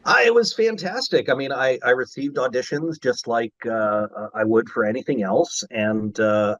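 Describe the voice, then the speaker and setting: A man guest telling stories in a casual interview, excitable and animated. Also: fairly low pitch, no echo, lo-fi sound. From Maryland, USA. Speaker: voice actor guest.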